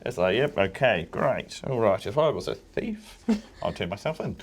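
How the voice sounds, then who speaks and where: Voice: mid-range voice, very animated, moderate pace, very noisy. A tabletop game player who talks in character in a giggly, rambling way. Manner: giggly, rambling, self-talking.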